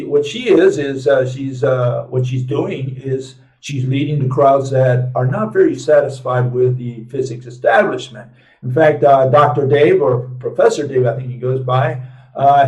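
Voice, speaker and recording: A man with a slightly high voice and darkish tone hosts a casual commentary live stream, rambling with lots of fillers and restarts and often ending lines with "right?" or "okay?". He speaks from away from the mic, with a roomy echo.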